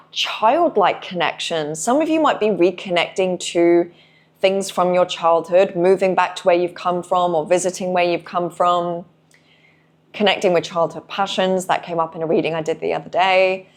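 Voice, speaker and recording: A woman giving a spiritual message to her viewers in an earnest, reflective manner, slowing down and drawing out phrases. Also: on the low side. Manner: soft, earnest, reflective, with slow drawn-out phrases. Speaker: intuitive reader and channel host.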